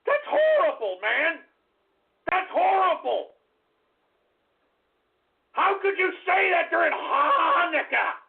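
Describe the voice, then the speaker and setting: A man puts on a cranky old radio host with a very high, gravelly voice, who flies into shouting, cursing tirades at his listeners. He is a hot-tempered war veteran with a short fuse. The sound is thin and tinny, like a call-in phone line. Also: heavily acted. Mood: shocked. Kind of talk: comedic radio character rant.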